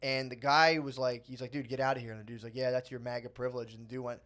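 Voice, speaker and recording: A man's voice: mid-range voice, little pitch movement, fast talker, fairly bright tone. Rambling storytelling man on a podcast. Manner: rambling storytelling, acts out quotes, laughs often. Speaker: podcast co-host. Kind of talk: casual comedy podcast chat.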